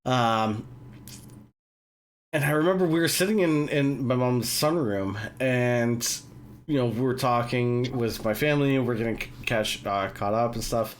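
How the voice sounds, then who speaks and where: A man's voice: medium pitch, measured pace, slight background noise. A man with a British accent hosting a casual online chat and telling long rambling stories full of fillers and swearing. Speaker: host.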